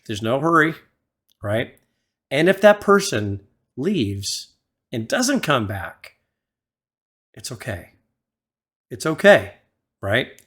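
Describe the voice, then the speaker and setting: A man hosting a music reaction video, gently advising the viewer like a mentor into a desktop studio mic. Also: mid-range voice. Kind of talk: casual reaction commentary. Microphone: desktop USB studio microphone.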